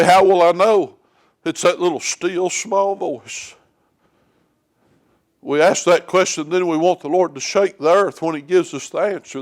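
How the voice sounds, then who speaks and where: High-voiced man preaching a folksy sermon. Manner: folksy, plain-spoken, homespun stories. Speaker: lay preacher. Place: church sanctuary.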